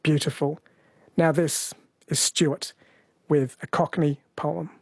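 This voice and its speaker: Slow and gravelly, this radio host's voice sits on the high side and holds a steady tone. Heavy background noise accompanies his scripted presenting as he playfully explains poetry and introduces songs.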